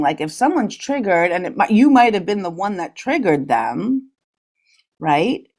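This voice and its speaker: Slow, lively-pitched woman podcaster. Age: middle-aged. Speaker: podcast host. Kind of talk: reflective solo podcast talk.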